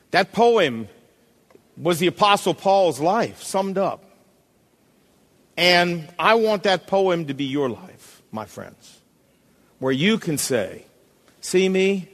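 A man's voice: high-pitched, a bit bright, long reverb tail. A male pastor preaching a sermon, emphatic and calling out to the congregation, at times reading a poem aloud with drama.

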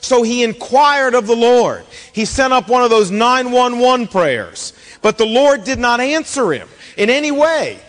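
A man preaching a sermon, retelling a Bible story with expressive delivery and acted-out quotes. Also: extremely high pitch, a little slow, hardly any pauses, long reverb tail. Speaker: pastor.

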